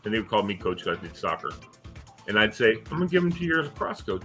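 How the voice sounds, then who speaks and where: Older male host, bright forceful voice, chatty storyteller, faint music under. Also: fairly quick. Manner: animated storyteller acting out quoted kids in a higher voice. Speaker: podcast host, former school coach. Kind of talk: casual storytelling chat.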